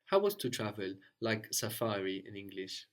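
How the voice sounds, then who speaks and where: A man teaching a language lesson, patient and prompting, often checking understanding with a quick "no?". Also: lowish voice, very animated.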